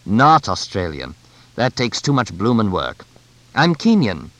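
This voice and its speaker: A man's voice: lowish voice, wildly swooping pitch, a little slow, fairly bright tone, heavily acted. A man voicing a jovial, breezy middle-aged bush pilot who has settled in Kenya, in an audiobook. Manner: chuckling, breezy, expansive.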